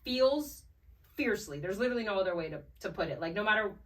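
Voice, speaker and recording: A woman's voice: mid-range voice, expressive, fast talker, recorded from a distance. A young woman co-hosting a podcast, chatting casually and rambling with lots of fillers and restarts. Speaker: podcast co-host. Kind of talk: casual chat.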